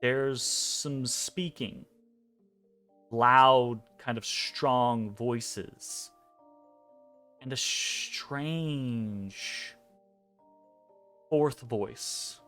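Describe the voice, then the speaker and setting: A man narrating a dream scene as game master of a tabletop game, measured and hesitant, pausing between phrases. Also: mid-range voice, steady tone. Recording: soft music behind.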